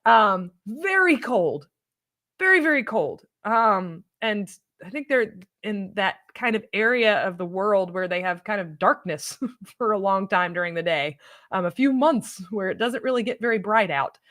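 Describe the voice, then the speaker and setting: A woman's voice: medium pitch, normal speed, fairly bright tone. A woman who coordinates an ESL program, answering viewer questions in a casual, chatty, upbeat way and repeating phrases for emphasis. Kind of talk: casual live Q&A chat.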